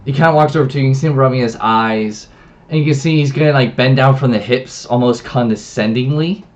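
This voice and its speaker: A man acting as game master for a tabletop game, at an ordinary middle pitch. He narrates loosely, stopping and restarting his sentences as he goes. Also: fast talker. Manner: loose and rambling, with many restarts and fillers.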